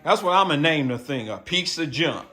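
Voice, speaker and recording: Man, high bright voice, chatty shop vlogger who rambles on. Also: animated, a little fast. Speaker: bike builder vlogger. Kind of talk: casual chat to camera.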